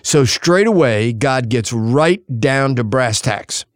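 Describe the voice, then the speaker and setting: A man preaching a sermon in an earnest voice, pausing for effect and quoting scripture in old-fashioned wording. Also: mid-range voice, animated, dry recording, clean studio sound.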